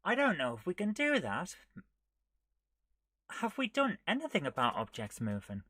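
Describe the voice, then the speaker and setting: A man streaming himself coding a retro game live, thinking aloud, muttering half to himself and scolding his software. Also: high voice, wildly swooping pitch, normal speed, no echo, studio quality. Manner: muttering to himself while he works, often dropping to a near whisper; chatty and self-mocking, scolding the software.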